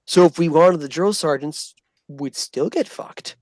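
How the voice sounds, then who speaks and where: Profane, animated man telling a story. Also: fairly high pitch, measured pace, no room sound. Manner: animated, profane, acts out quoted voices. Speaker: storyteller recounting army basic training. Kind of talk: casual storytelling vlog.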